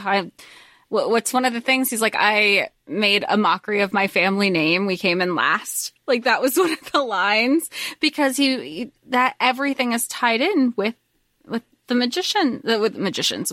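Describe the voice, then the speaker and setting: A woman co-hosting a podcast, talking about a book in an animated, excitable way and swearing freely. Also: fairly high pitch, no echo, clean studio sound. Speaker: podcast co-host. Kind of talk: casual book discussion.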